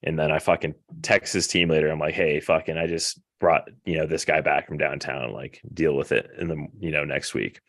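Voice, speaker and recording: A man's voice: extremely low pitch, normal speed, few pauses, no room sound. A young man casually telling a rambling, profanity-laden story as a podcast host. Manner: profane, rambling, animated retelling.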